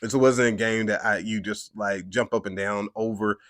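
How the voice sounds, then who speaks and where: A man's voice: lowish voice, steady tone, normal speed, fairly bright tone, no room sound, clean studio sound. A man hosting a podcast, giving a rambling, emphatic and frustrated fan reaction after a game. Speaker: podcast host.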